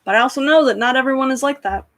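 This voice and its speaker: A woman's voice: high-pitched, racing, a bit bright, pitched above the performer's own voice, rough recording. A woman voicing a kind male former arena fighter who speaks earnestly and comfortingly. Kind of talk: storytelling with character voices.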